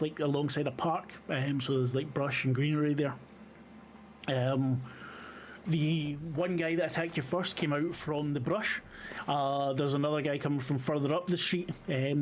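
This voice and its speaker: A man's voice: fairly high pitch, fairly even intonation, moderate pace, a little hiss or hum. A man running a tabletop horror game as game master, describing scenes with frequent ums and uhs. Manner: hesitant, many fillers.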